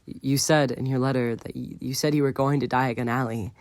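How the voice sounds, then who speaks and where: A man's voice: medium pitch, steady tone, brisk, no echo, voice pushed up, natural voice. A man voicing an emotional, earnest teenage boy in an audiobook.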